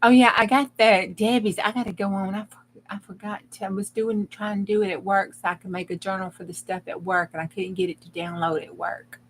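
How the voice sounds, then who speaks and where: A woman's voice: medium pitch, fairly even intonation, brisk, a little hiss or hum. A woman, chatting in a rambling, folksy way to her live audience while she crafts. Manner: rambling, folksy, talks to the chat as she works. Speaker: crafting livestream host. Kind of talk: casual chat while crafting.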